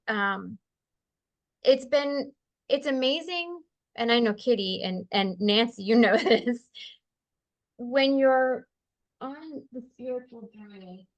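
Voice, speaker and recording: A woman telling a personal spiritual story in a casual, animated way. She laughs often, then slows and softens when she speaks of calm. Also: on the high side. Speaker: guest sharing a spiritual experience.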